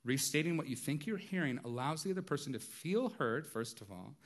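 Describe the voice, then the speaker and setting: A man's voice: on the high side, lively intonation, a little fast. A man preaching a sermon in a conversational way, with light humor and frequent rhetorical asides. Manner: light humor, acts out everyday dialogue. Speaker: pastor.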